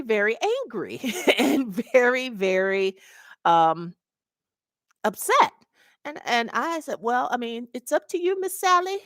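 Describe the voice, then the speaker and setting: A woman's voice: on the low side, dry recording, studio quality. A middle-aged woman and mobile notary mentor, telling a story casually to her webcam and acting out the voices of the people in it.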